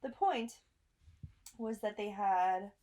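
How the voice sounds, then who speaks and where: A woman's voice: mid-range voice, takes it slowly, dark tone. A woman co-hosting a podcast, chatting casually with dry asides and easy laughter. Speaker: podcast co-host. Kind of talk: casual chat.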